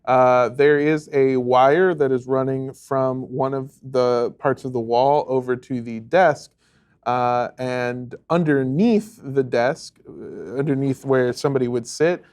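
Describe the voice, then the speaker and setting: A man at a middle pitch narrating as game master of a tabletop game. He lays out each scene slowly and in detail, filling the gaps with soft hesitations as he builds the picture. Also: steady tone, clean tone. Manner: descriptive, unhurried, many filler pauses.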